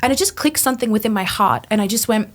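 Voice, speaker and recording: Young woman in her 20s telling her story on a podcast, animated, lots of "like", acts out what she thought back then. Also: fairly high pitch, fast. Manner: animated storytelling, acting out her own past thoughts, frequent "like". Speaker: podcast guest. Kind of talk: personal testimony in conversation.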